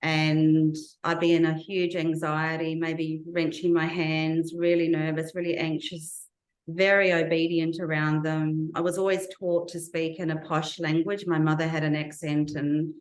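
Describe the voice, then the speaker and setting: A woman with a low voice tells her own story earnestly in an interview, slowly building up remembered details. The sound carries a noticeable echo from the room around her. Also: level tone. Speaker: interview guest. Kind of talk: personal testimony in an interview.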